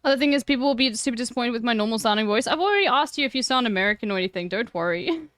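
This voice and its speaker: Woman streamer talking straight to chat, kinda high voice, swears a lot, dry close mic. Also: lively intonation, racing, a bit bright, dry recording. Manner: blunt, swears freely, frank advice. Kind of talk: casual chat with viewers.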